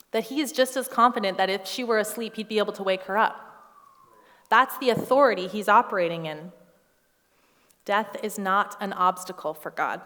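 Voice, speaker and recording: A woman in her thirties preaches with lively, theatrical energy, slipping into quoted voices and wry asides. Her pitch sits mid-range. Her voice rings out with a long church-hall tail behind it. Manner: animated, acts out quoted voices, humorous asides. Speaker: pastor. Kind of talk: sermon.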